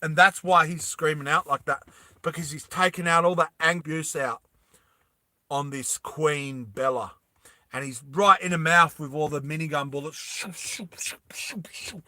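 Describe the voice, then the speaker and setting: Kiwi man recounting a movie, animated, bright tone, slightly high voice. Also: dry recording, clean studio sound. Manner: animated, with mouth sound effects. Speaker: storyteller. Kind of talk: casual movie retelling.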